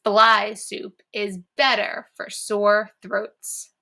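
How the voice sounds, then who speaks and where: A woman voicing a helpful male chameleon in a children's storybook, speaking slowly and matter-of-factly. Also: mid-range voice, flat delivery, creaky, sharp tone, a little hiss or hum, exaggerated voice.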